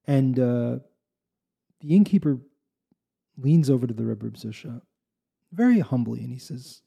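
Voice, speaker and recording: A man's voice: mid-range voice, animated, measured pace, vocal fry, pauses often, mellow, husky. A man telling a folk tale in a casual, rambling way with asides and restarts. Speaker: storyteller. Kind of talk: casual spoken storytelling.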